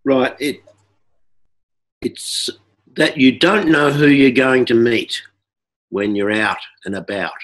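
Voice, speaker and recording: An Australian man telling a personal story in a halting way, with restarts and repeated words. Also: on the low side. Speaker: workshop participant.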